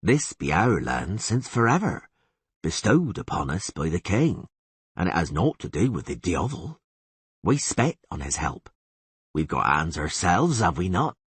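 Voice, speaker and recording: Man reads elder, slow and earnest, husky. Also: low voice, very animated, fairly bright tone, no echo, full character voice. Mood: aggrieved. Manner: slow, plodding, folksy speech. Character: rustic old male peasant elder, slow and earnest.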